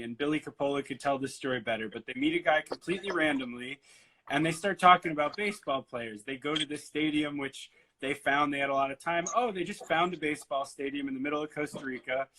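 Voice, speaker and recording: A man hosting a casual interview over a video call, upbeat and quick to laugh. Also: fairly high pitch, bright, forceful tone, rough recording. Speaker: interview host.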